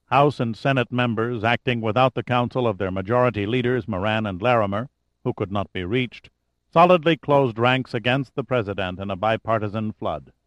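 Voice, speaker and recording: A man giving an audiobook narration in a measured, steady reading style. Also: on the low side, no room sound.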